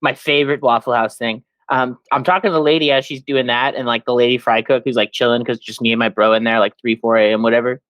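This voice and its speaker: Animated storytelling man, dry close sound. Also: quick pace, hardly any pauses, no echo, dull audio. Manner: animated storyteller, jumps into high mock voices for quotes. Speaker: podcast co-host. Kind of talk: casual podcast chat.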